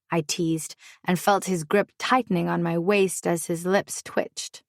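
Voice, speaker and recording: A woman's voice: lowish voice, fairly even intonation, a little slow, gravelly, hardly any pauses, no echo, studio quality. Sultry woman narrating a romance. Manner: wry, sultry, playful. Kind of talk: first-person romance audiobook narration.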